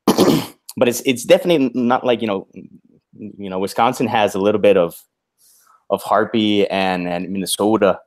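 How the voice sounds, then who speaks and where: A man who is bilingual in English and Spanish, speaking as a guest author in a casual video-call chat. He has a naturally loud voice and talks in an animated, halting way, with many restarts and chuckles. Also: mid-range voice.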